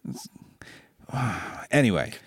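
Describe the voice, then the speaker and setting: A man's voice: medium pitch, sing-song, very slow, husky, dry recording. A man hosting a casual car show, chatting loosely and stammering through his restarts. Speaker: show host and car dealer.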